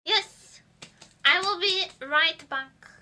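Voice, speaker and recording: A high, squeaky woman's voice with a very bright, sharp edge. Her first language is Portuguese, and she chats loosely on a livestream, giggling and trailing off mid-thought. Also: drawn-out words. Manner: giggly, rambling, playful. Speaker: streamer. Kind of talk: casual livestream chat while baking.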